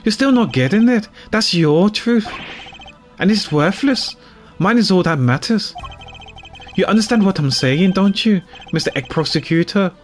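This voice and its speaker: A man doing a condescending, gloating game villain, an older chairman who savours belittling his foe. The voice sits a touch high and is read over faint game music. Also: expressive, moderate pace. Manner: condescending, taunting.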